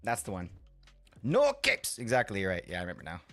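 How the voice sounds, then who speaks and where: A man streaming a game live, rambling excitedly, laughing and swearing as he reacts to chat. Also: deep voice, very fast, no echo, soft background music.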